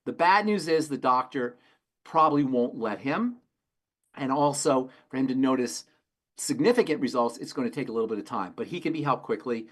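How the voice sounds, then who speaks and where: A man's voice: mid-range voice, expressive, brisk. A man working as a pharmacist, answering health questions in an emphatic way and repeating phrases for stress. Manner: emphatic, repeats phrases, tells folksy stories. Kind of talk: call-in health talk.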